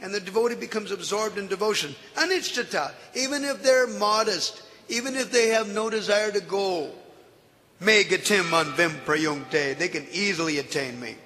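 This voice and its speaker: Man giving a scripture talk, animated storytelling, high bright voice, long hall reverb. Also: normal speed. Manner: animated, laughing often. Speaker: spiritual teacher. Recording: echoey hall.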